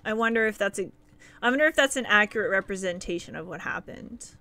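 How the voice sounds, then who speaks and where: A woman's voice: mid-range voice, lively intonation, quick pace, bright, forceful tone. A woman streaming a game live, chatting casually and giggling with her viewers.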